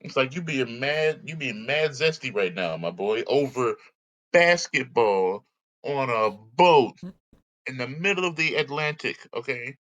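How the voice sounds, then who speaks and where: Podcast co-host, male, animated storyteller with a lively swinging pitch, mid-range voice. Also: measured pace, poor audio. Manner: animated storytelling, mimics others, laughs often. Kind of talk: casual chat.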